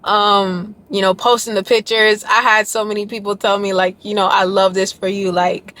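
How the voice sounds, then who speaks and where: A woman's voice: medium pitch, level tone, normal speed, hardly any pauses, fairly bright tone, no echo. A young woman vlogging to her viewers in a casual, rambling way, earnest and emotional about her dance journey. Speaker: YouTuber and dancer. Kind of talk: casual vlog chat to viewers.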